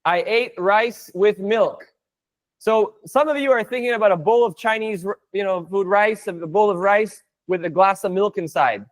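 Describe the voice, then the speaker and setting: Playful high-voiced man teaching a class. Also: normal speed. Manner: playful, chatty, switches into Spanish to model phrases. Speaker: Spanish teacher. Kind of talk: live online class, explaining jokes.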